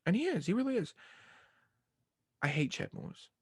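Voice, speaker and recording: A man's voice: sits high, sing-song, normal speed, a little mellow, husky, no room sound, clean studio sound. A young man hosting a sports podcast, talking casually in rambling, self-mocking rants. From Arkansas fan, southern US.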